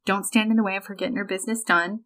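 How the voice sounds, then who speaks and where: A woman's voice: mid-range voice, poor audio. A woman co-hosting a podcast, talking casually and with strong opinions about an old film. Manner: animated, opinionated, quick asides. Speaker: podcast co-host.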